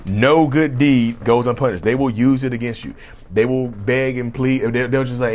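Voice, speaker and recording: A man hosting a casual solo podcast, talking in a rambling, repetitive way with a slightly rough throat he keeps clearing, and often asking the listeners "right?". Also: medium pitch, normal speed, a little mellow. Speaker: podcast host.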